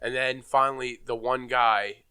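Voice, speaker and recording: A young man on a casual podcast, telling an animated story and acting out what people said. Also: medium pitch, moderate pace, smooth. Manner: animated storytelling, acts out quotes, laughs often. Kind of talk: casual chat.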